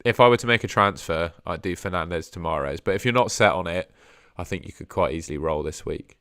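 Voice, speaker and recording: A man's voice: low voice, fairly quick, a bit bright, smooth, dry recording, clean studio sound. A young man hosting a casual live stream, chatting and thinking aloud as he sorts out his screen. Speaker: host.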